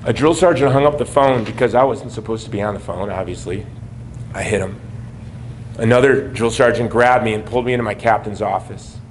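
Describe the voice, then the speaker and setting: A man's voice: fairly low pitch, fairly quick, slight background noise. A man in his forties from the United States, giving a personal testimony speech at a gala, shifting from wry humor to earnest storytelling. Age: 40s. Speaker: gala speaker. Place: banquet hall.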